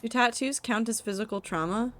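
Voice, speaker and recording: A woman's voice: a little high, fairly quick, a bit bright. A young woman streaming a game from home, chatting casually with her chat in a rambling way, laughing at herself. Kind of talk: casual chat reading live chat while gaming.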